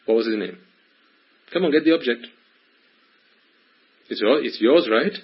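A man's voice: mid-range voice, expressive, unhurried, slightly rough, lo-fi sound. A man giving a Buddhist teaching to a small group, questioning his listeners in a playful, probing way. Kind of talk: Dhamma talk to a small group.

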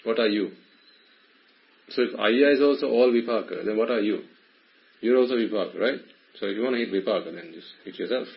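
A man's voice: fairly low pitch, fairly quick, pauses often, husky, lo-fi sound. A man giving a Buddhist teaching to a small group, questioning his listeners in a playful, probing way. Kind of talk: Dhamma talk to a small group.

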